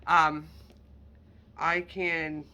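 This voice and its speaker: A woman's voice: sits low, level tone, drawn-out words, bright, forceful tone. A woman chatting casually and candidly as she shows handbags for sale, with self-deprecating asides. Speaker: online handbag reseller. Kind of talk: casual product showcase vlog.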